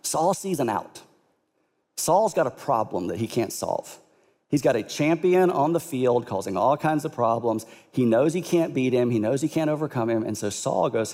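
A male pastor preaching a sermon with animated, conversational storytelling. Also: medium pitch, moderate pace, long reverb tail.

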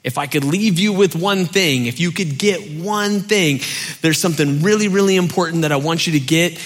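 Middle-aged man, pastor, bright, slightly high voice, chatty sermon delivery. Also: moderate pace. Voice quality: animated storyteller, acts out shouting parents. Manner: conversational with many fillers, drops soft for key points.

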